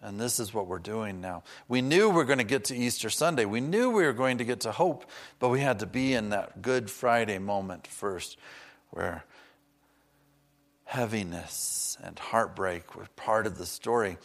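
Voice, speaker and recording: A man preaching a sermon, earnest and personal, slowing down to stress key words and dropping in chatty asides. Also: lowish voice, lively intonation.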